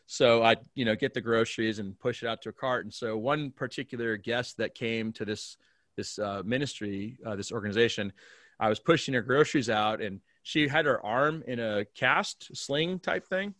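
A man who is a pastor, telling a story in a remote conversation and acting out the dialogue with big swings in pitch and loudness. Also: normal speed, no room sound, studio quality. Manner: animated storyteller, acts out dialogue with big jumps in pitch and volume. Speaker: pastor, guest.

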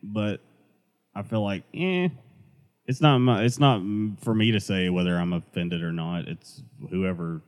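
A man with a Southern US accent, a podcast co-host in casual chat over beer, joking, swearing and quick to laugh. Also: lowish voice. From American South.

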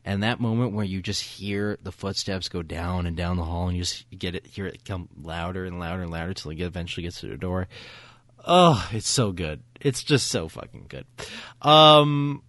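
A man's voice: low voice, normal speed, fairly bright tone, no echo. A man co-hosting a casual film podcast, retelling a scene with eager, filler-heavy enthusiasm. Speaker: podcast co-host. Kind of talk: casual film review chat.

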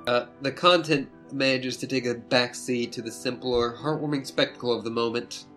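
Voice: medium pitch, steady tone, normal speed, a bit bright, soft background music, natural voice. A performer voicing a dry, sardonic young woman who talks in long, ironic, wordy sentences.

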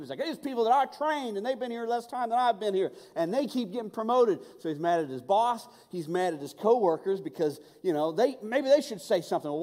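A man preaching a sermon, swinging between loud urgency and hushed intimacy, often stammering and repeating words. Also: a little high. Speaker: pastor. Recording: long reverb of a large hall.

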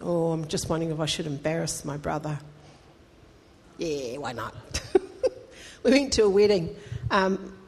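A woman's voice: sits low, lively intonation, a little slow, long pauses, a little mellow, breathy edge. A woman pastor, preaching a conversational, emphatic sermon that rises into fervent appeals to the congregation. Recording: long hall reverb.

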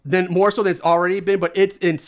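A man's voice: high-pitched, level tone, fast talker. A man casually recapping a horror movie plot as a podcast co-host, laughing often and swearing freely. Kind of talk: casual chat.

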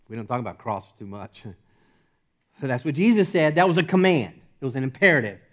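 A middle-aged man preaching a sermon as pastor, swinging from loud emphatic commands to soft, hushed lines and laughing often. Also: medium pitch, big pitch swings, fairly quick.

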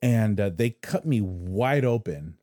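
A man with a low, mellow voice talks casually on a podcast. He tells his story haltingly, often stopping to restart his sentences, recorded dry and close. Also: lively intonation, dry recording. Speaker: podcast co-host. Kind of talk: casual conversation.

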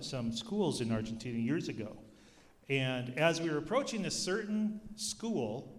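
A man giving a sermon, telling stories with humor in an animated way. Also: fairly high pitch, a little hiss or hum. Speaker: youth ministry speaker. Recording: long hall reverb.

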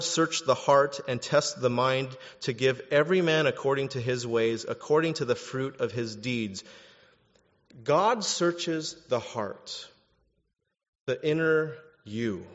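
A man preaching a sermon as pastor, animated and jokey, swinging from quiet asides to loud bursts. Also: fairly high pitch, unhurried. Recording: dull sound in a reverberant hall.

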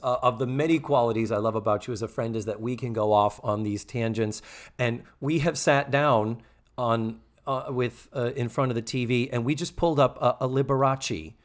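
A man's voice: medium pitch, normal speed. A man hosting a podcast in casual chat, theatrical as he recaps an episode. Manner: animated, theatrical, recaps a show. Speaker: podcast host.

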